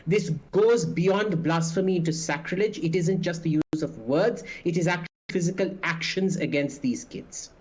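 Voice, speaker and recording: A man's voice: on the high side, moderate pace, hardly any pauses, darkish tone, lo-fi sound. A man speaking as a guest on a news panel, indignant and full of hesitant fillers. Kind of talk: remote TV debate commentary.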